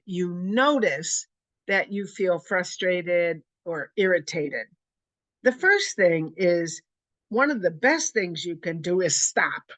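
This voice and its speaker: A woman presenting a webinar for religious leaders, teaching in a gentle, reflective way and often rephrasing her points. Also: on the low side, no echo. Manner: gentle, repeats and rephrases, addresses listeners as sisters. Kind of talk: slow, reflective teaching talk.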